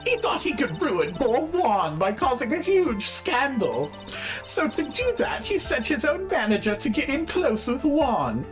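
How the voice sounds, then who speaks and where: A nosy old woman with a high, shrill voice rattles on in excited, bossy gossip, as a woman puts her on. Her pitch swoops widely, and faint music sits underneath. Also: a little slow, exaggerated voice. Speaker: game voice actor.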